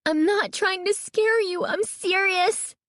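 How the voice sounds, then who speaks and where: Shrill girl, pleading, very high voice, dry close sound, as a woman reads her. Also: slow pace, a bit bright, no echo, full character voice. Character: panicky young girl stuck in a mask.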